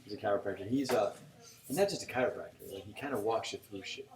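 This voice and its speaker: A man's voice: on the low side, fast talker. A middle-aged man, co-hosting a casual podcast, rambling through stories and acting out what people said, with plenty of swearing. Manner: rambling storyteller, profane, quotes people in dialogue. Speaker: podcast co-host. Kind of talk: casual chat. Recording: roomy echo, mic set back, faint noise.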